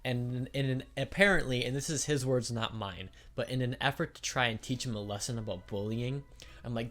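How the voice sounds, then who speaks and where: A man co-hosting a casual gaming podcast, telling stories with dry, deadpan jokes. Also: medium pitch, normal speed. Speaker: podcast co-host. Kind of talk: casual chat while gaming. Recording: faint music behind.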